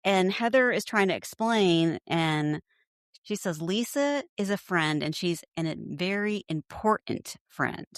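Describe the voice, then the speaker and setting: A woman's voice: fairly low pitch, animated, a little slow, no echo, studio quality. A woman co-hosting a podcast, recapping reality TV in casual chat, blunt and swearing freely, often laughing and acting out quotes. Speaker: podcast co-host.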